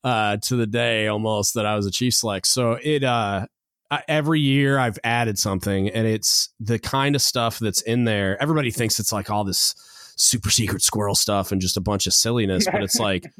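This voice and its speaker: A male podcast host telling a story in a relaxed way, with fillers, dropping lower when he quotes others. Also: moderate pace, no echo, studio quality. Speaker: podcast host, Navy chief. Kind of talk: casual chat.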